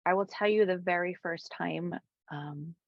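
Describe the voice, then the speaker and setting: A woman guest, a spiritual coach, telling a heartfelt personal story in an interview, dropping to soft whispers at times. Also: lowish voice, unhurried, vocal fry, dry recording, highs cut off. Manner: earnest, drops to soft whispers for quoted moments.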